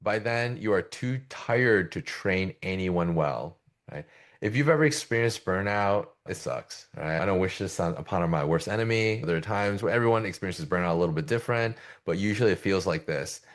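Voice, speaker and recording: A man's voice: low voice, normal speed. A middle-aged man presenting a business coaching session in a conversational way, often checking in with "right?". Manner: conversational, keeps asking "right?". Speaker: agency coach.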